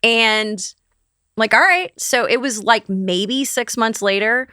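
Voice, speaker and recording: A middle-aged woman from St. Louis, USA, guests on an interview and tells her story casually, animatedly acting out the voices of the people she quotes. Her voice is a little high, clear and resonant, and she takes it slowly in a studio-quality recording with no room sound.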